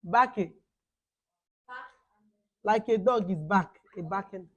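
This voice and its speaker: A woman's voice: medium pitch, slow pace, long pauses, muffled recording. A woman with an Igbo accent teaching a language lesson to children. She switches between English and Igbo and repeats short phrases for the pupils to echo back.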